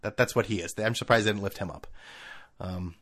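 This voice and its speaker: A middle-aged man hosting a casual sports rant, animated and laughing, often mimicking people in funny voices. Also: fairly low pitch, fairly quick.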